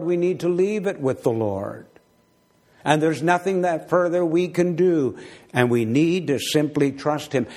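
A man preaching a sermon as pastor, slow and deliberate, with gentle humor. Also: on the high side.

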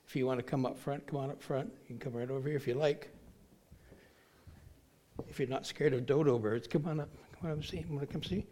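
A man's voice: medium pitch, fairly even intonation, a little fast, mellow, slight background noise. Man pastor giving a children's message. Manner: friendly, inviting, asks rhetorical questions.

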